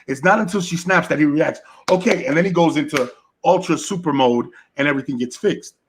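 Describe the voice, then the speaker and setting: A man's voice: a little high, brisk, slight background noise. A man co-hosting a podcast, chatting casually about relationships and telling stories with frequent "right?" asides. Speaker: podcast co-host.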